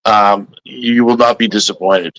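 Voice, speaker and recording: A man's voice: on the low side, steady tone, unhurried, fairly bright tone, rough recording. A man co-hosting a casual live stream, eager, emphatic and persuasive.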